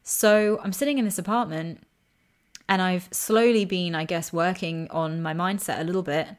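A young woman's voice, pitched a little low, talking straight to the listener. She sounds candid and earnest and swears freely. It comes across as personal storytelling for a vlog. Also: steady tone, normal speed, clear, resonant tone. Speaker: vlogger.

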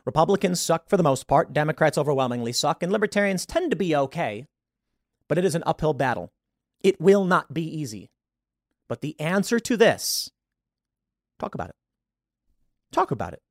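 A man's voice: fairly high pitch, expressive, fairly quick, no room sound, studio quality. Emphatic man hosting solo commentary. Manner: emphatic, opinionated, rhetorical questions. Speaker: show host.

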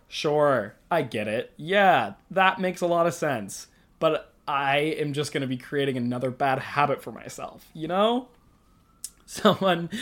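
A young adult in their early twenties hosts a solo podcast in a loose, casual way. The talk drifts and rambles, full of self-aware asides and frequent giggling, in a middle-pitched voice. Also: a bit bright. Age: early 20s. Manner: rambling, giggly, laughs often; self-conscious, chatty, talks to self. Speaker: podcast host.

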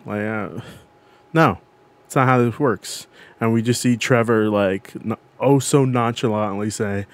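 A man's voice: lowish voice, a little slow. A man co-hosting a casual podcast chat who tells stories in a rambling way and keeps correcting himself as he goes. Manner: rambling, self-correcting storyteller. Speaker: podcast co-host. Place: podcast recording.

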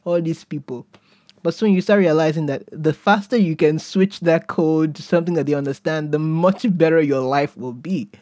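Guy talking solo on his podcast, kinda high but mellow voice, chuckles a lot, dry close mic. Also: no echo. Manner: musing, chuckles often, trails off and restarts. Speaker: podcast host. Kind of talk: casual solo podcast monologue.

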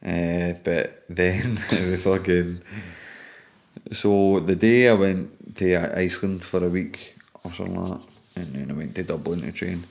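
A man's voice: low voice, a little slow, creaky, a little mellow. A Scottish man, an MMA fighter guesting on a podcast, chatting casually, swearing freely and laughing through his stories.

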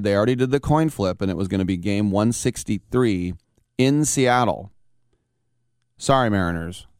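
A man hosting a live sports talk radio show, telling baseball stories in a casual, animated way. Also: on the low side, clear, resonant tone, no echo, studio quality. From San Francisco Bay Area. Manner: storytelling, animated, acts out quotes.

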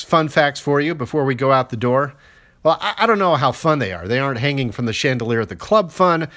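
A man's voice: mid-range voice, fairly bright tone. Wry older male baseball podcaster. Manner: conversational, wry asides, stats-heavy. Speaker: podcast host. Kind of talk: solo sports commentary.

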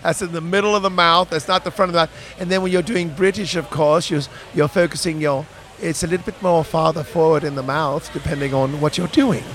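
High-voiced guy, voice actor telling stories, lively and animated, traffic outside. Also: brisk. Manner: animated storyteller, slips into character voices. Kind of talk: casual chat.

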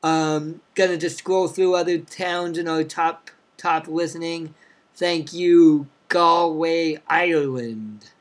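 A young man co-hosting a casual podcast, upbeat as he reads out listener cities and gives shout-outs. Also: on the high side, steady tone, takes it slowly. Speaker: podcast co-host. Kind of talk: casual chat.

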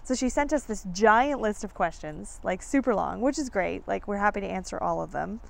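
A woman in her thirties, a podcast host telling a story in an animated, chatty way. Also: medium pitch, fairly quick, vocal fry. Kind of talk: casual storytelling chat.

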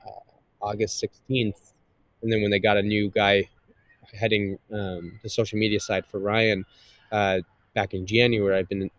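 Nasal-ish guy rambling thru an interview, kinda low, dry mic. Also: dry recording. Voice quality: slightly nasal, higher voice. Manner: rambling, many fillers and restarts. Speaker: guest, content creator. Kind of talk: casual interview chat.

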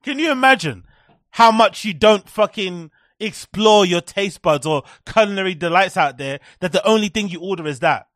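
High-voiced sarcastic man ranting. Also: moderate pace, fairly bright tone, no room sound, studio quality. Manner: sarcastic, mocking, repetitive. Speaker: live-stream commentary host. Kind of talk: profane ranting commentary.

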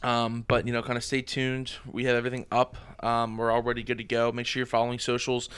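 A man's voice: medium pitch, completely flat delivery, fast, fairly bright tone, clean tone. A man co-hosting a podcast, closing the episode in casual chat with an upbeat manner. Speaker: podcast co-host.

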